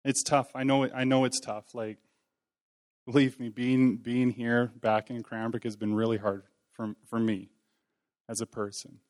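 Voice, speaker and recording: A man's voice: medium pitch, flat delivery, measured pace, a little mellow. A man preaching an informal sermon in a church hall, talking in a conversational, folksy way with self-deprecating humor. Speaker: lay preacher.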